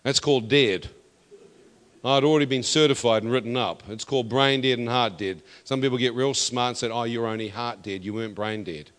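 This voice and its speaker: A man from New Zealand gives a testimony sermon, talking fairly quickly at a typical middle pitch. Emphatic throughout, he works up to loud declarations while the spacious church hall lends his voice a long, ringing reverb.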